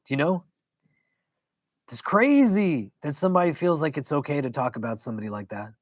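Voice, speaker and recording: An imam leads a weekly religious class in a casual, conversational way, repeatedly asking his listeners "do you know?" He tells animated stories with quick asides, in a slightly high voice recorded without room sound.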